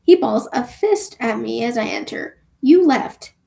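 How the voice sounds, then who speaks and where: A woman's voice: on the high side, lively intonation, moderate pace, gravelly, mellow. A woman reading a novel aloud for a book club, casual, with offhand asides about her own reading.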